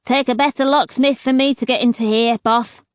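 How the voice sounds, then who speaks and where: A woman voicing a gruff female locksmith thug with a thick scatter accent, a lisp and a whistle in her speech. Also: sits high, steady tone, moderate pace, no echo, studio quality, natural voice. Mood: grumbling.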